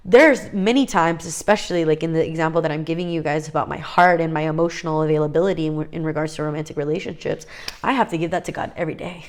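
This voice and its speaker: Earnest young woman, low voice. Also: quick pace. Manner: earnest and confiding, with fillers and restarts. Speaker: faith vlogger. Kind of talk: casual heartfelt talk to camera.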